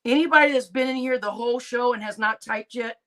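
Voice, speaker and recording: A woman's voice: on the high side, fast talker, a bit bright. A woman hosting a casual live stream, chatting and laughing with her viewers and addressing them as y'all. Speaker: livestream host.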